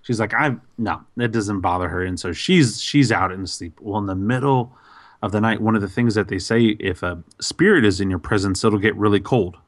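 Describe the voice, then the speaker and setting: A man on a podcast telling a story in a casual, animated way, with many fillers and restarts. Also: on the low side, moderate pace, no echo, studio quality. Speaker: podcast host.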